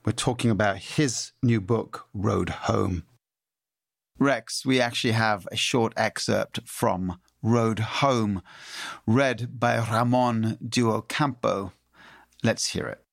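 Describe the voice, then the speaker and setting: Brief: male podcast host, gravelly, slow, deliberate, lowish voice. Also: no echo, clean studio sound. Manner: calm, deliberate. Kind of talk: scripted podcast introduction.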